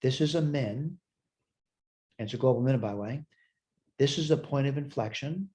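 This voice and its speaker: A man's voice: mid-range voice, normal speed, warm tone. A man teaching a college math lesson, thinking aloud as he works through problems in a chatty, self-deprecating way. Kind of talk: recorded math lecture.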